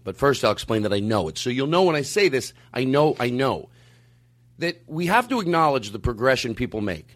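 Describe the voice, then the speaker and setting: A man ranting in a heated conversation, emphatic and argumentative, sometimes rising to near-shouting. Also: medium pitch, very animated, brisk.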